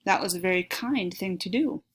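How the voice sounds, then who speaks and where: A woman's voice: fairly low pitch, normal speed, husky. A woman voicing a mother who scolds her young son about manners, in a children's story read aloud. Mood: pleased. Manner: scolding, firm then praising. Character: strict caring mother of a young boy.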